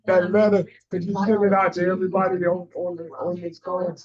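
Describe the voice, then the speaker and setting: A man's voice: sits high, little pitch movement, fairly quick, muffled recording, a crowd in the background. A man on a video call speaking hesitantly and repeating his words. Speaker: panelist.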